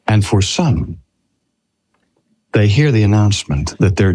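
An older man preaching a sermon in a slow, earnest way with drawn-out emphasis. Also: on the low side, big pitch swings, darkish tone. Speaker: pastor.

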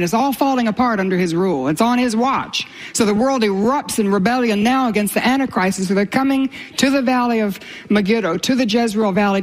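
An older woman preaching a sermon in an earnest, impassioned way, dropping to breathy whispers for emphasis. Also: medium pitch.

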